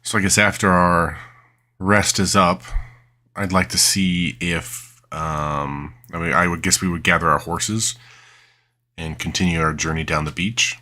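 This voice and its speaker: A man's voice: low voice, fairly even intonation, unhurried, bright, forceful tone. A man playing a tabletop game, easygoing and joking. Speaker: player.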